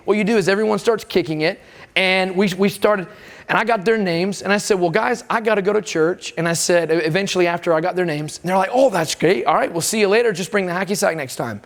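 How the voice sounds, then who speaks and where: A man preaching a sermon at a camp, telling stories with energy and acting out the voices of the people in them. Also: high voice. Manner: lively storytelling, acts out quoted voices.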